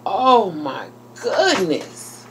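This is a woman vlogging an unboxing in an effusive, gushing way, and she calls her viewers "y'all" and "girl." Her pitch swings up and down a lot, but she speaks at an unhurried pace. Faint noise sits under her voice. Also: big pitch swings, fairly bright tone, rough recording. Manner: effusive and exclamatory, gushing with delight. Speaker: YouTuber. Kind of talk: casual unboxing vlog.

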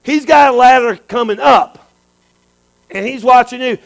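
High-voiced preacher man. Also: measured pace, vocal fry, low-quality recording. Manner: animated, repetitive, calls for amens. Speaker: bishop preaching. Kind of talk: sermon.

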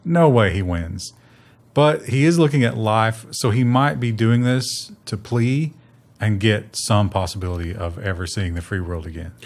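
A man co-hosting a casual tech news show, bantering with quick jokes and mock corporate voices. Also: on the low side.

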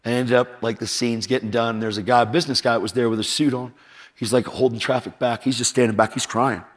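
This energetic sermon comes from a middle-aged man with a medium-pitched voice and a quick pace. He tells stories, acts out each character's voice, and jokes with his listeners.

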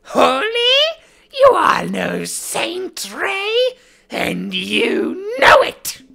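A woman's voice: sits high, huge pitch swings, extremely slow, bright, forceful tone, heavily acted. A woman voicing a vicious possessed demon girl in a video game, shrieking and threatening. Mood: furious. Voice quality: gravelly shrieking.

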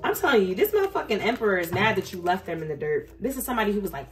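A woman at mid pitch works through a casual tarot reading, addressing her viewers directly. She is blunt and profane, and she grows emphatic and fired up as she goes. Soft music sits faintly underneath her voice. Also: very animated, very fast, few pauses. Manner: gets heated and emphatic. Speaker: tarot reader. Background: faint background music.

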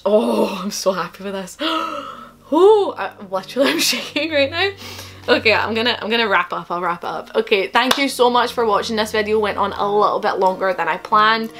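A woman's voice: mid-range voice, fairly bright tone. A young woman vlogging an unboxing, gushing and emotional, gasping and giggling as she talks. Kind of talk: excited unboxing vlog.

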